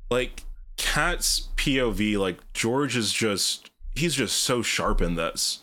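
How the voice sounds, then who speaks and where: A man's voice: medium pitch, animated, slow pace, bright, forceful tone. A man talking casually and ramblingly in a book discussion podcast, swearing freely. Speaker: podcast co-host.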